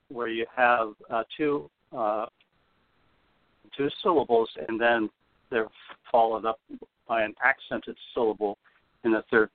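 An older man speaks in a steady, mid-pitched voice, pausing often with "uh" as he explains. The sound is narrow and tinny, like a phone line. The room is dead and dry. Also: dry recording. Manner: explanatory, with frequent "uh" pauses. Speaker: guest, retired teacher and limerick author. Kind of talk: podcast interview.

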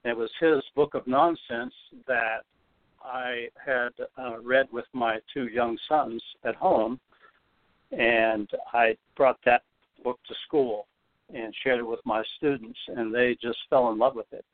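An older man speaks in a steady, mid-pitched voice, pausing often with "uh" as he explains. The sound is narrow and tinny, like a phone line. The room is dead and dry. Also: creaky, no echo. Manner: explanatory, with frequent "uh" pauses. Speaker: guest, retired teacher and limerick author. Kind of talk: podcast interview.

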